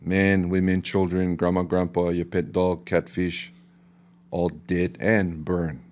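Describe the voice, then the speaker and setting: A middle-aged man from Hawaii with a Hawaiian Pidgin accent, telling a story on a podcast in an animated way and dropping to a hush for the dramatic parts. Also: low voice, slow pace. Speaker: guest artist and historian. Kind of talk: storytelling in casual podcast talk.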